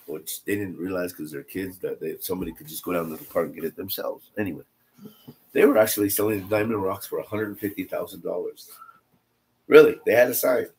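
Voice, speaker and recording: A middle-aged man with a somewhat low voice leads a Bible study. He tells family stories in a loose, conversational way, repeating phrases for emphasis. His delivery swings between soft asides and loud, lively lines. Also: brisk. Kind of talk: casual storytelling in a Bible study.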